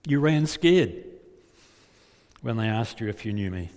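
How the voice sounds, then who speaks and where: A male preacher voicing Jesus as a calm, patient teacher who asks searching questions, heard with long hall reverb. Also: on the low side, a little slow. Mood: urgent pleading.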